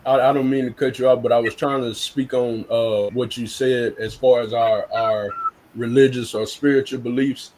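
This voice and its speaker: A man's voice: mid-range voice, steady tone, moderate pace, darkish tone, a little hiss or hum, poor audio. Blunt, earnest man chatting on a stream. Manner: earnest, blunt, repeats words when restarting. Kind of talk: casual live-stream chat.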